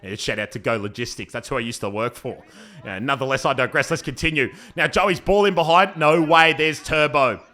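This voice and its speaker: Man, young, football commentator, playful asides, excited shouts, sharp tone. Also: mid-range voice, fairly quick. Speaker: football commentator and team player. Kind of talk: jokey amateur match commentary voice-over.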